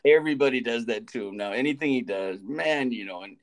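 A man's voice: medium pitch, a little fast. A man in his forties, a teacher co-hosting a podcast, telling a rambling story with restarts and frequent laughter. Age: 40s. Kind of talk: casual chat.

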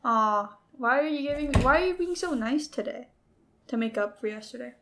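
A woman's voice: sits high, animated, normal speed, sharp tone, a little hiss or hum. A young woman chatting casually on a podcast in a bedroom, giggly and rambling. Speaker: podcast co-host. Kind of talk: casual chat.

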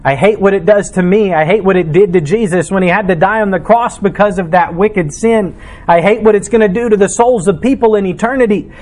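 A man's voice: high voice, darkish tone. A man preaching a sermon as pastor, reading scripture and explaining it with emphatic delivery.

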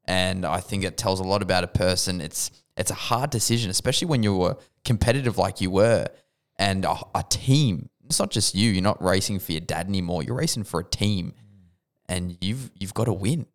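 Low-voiced man co-hosting a podcast. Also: fairly quick. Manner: enthusiastic, affirming. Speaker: podcast co-host. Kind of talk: casual chat.

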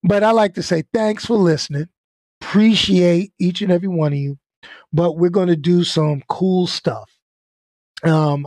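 A laid-back man with a fairly high voice talks bluntly to his viewers, repeating words as he goes and laughing between points. The sound is close and dry, with no room around it. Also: darkish tone, no room sound. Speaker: channel host. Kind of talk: casual venting talk.

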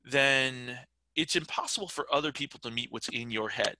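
A middle-aged man chatting as a podcast guest. His voice is very bright and forceful, and it is recorded dry and close. He rambles, with plenty of fillers and restarts. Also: mid-range voice, normal speed, no echo, low-quality recording. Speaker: podcast guest, writer and game developer. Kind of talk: casual interview chat.

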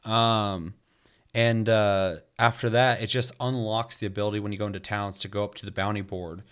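A man's voice: on the low side, fairly even intonation, normal speed, fairly bright tone, clear, resonant tone. A man chatting casually about a video game, loose and rambling, with lots of filler words and frequent swearing.

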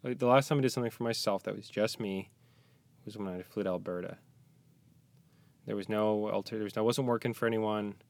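A man who is a parent, talking as a guest on a podcast in a small closet, tired, soft-spoken and halting, with joking asides. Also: lowish voice, fairly even intonation, creaky, dry recording. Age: young adult to middle-aged, a parent. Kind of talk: casual podcast chat.

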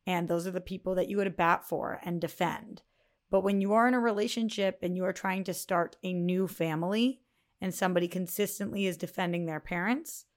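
A woman with a lowish voice talks through her own relationship stories on a podcast. She explains things carefully and earnestly, in a relaxed, chatty way. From Boston. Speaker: podcast co-host. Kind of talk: casual podcast chat.

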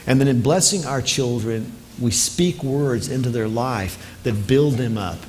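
Male preacher, mid-pitched, earnest, repeats lines for emphasis, lively storyteller. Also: slight background noise. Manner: lively storyteller, speeds up in anecdotes. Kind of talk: sermon with storytelling.

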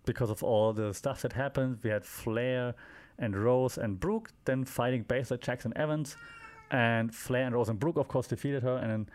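A man's voice: mid-range voice, normal speed, darkish tone. Rambling man recapping wrestling casually. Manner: rambling, with frequent fillers and wry asides. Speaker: podcast host.

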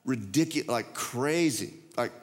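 A male pastor preaching a sermon, telling stories in a folksy way that jumps to high, loud outbursts. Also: animated, measured pace. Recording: church hall reverb.

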